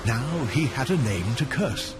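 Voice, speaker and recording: Slow, lively male storyteller. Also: mid-range voice, over music. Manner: expressive, drawn-out, emphatic. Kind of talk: dramatic storytelling narration.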